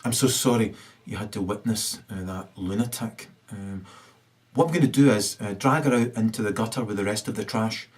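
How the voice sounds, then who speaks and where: A man playing a fawning concert hall usher who speaks softly and hesitantly, full of fillers. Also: fairly low pitch, moderate pace, far from the mic, voice pushed down, lightly acted. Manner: soft, hesitant, full of ums and uhs.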